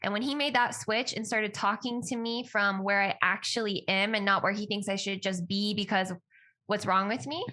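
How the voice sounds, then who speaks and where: A woman guest on a relaxed podcast who speaks openly and from the heart. Her voice is bright and forward at a medium pitch, and her sentences run on in a flowing way. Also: moderate pace. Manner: open, heartfelt, speaks of personal experience in a flowing way. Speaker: podcast guest, yoga teacher. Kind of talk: casual conversational interview.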